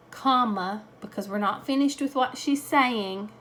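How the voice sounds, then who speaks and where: Slow, patient woman teaching grammar. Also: medium pitch, a bit bright, a little hiss or hum. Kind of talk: grammar lesson.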